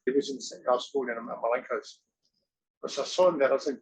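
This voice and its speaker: A man's voice: medium pitch, steady tone, fast, a little hiss or hum, rough recording. A man, a guest in a casual interview, rambling through stories and acting out the voices of the people he quotes. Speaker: interview guest, former wrestler and actor.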